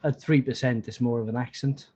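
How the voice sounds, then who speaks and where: A man in a casual live-stream chat, halting at first, then reading recipes out steadily. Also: medium pitch, fairly even intonation, warm tone, slightly rough. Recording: dull lo-fi call audio.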